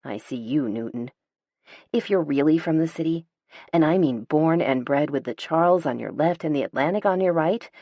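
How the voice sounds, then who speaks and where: Low-voiced woman, wry audiobook narration. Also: a little mellow, no room sound, studio quality. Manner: wry, sardonic, deliberate emphasis. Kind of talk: scripted first-person audiobook narration.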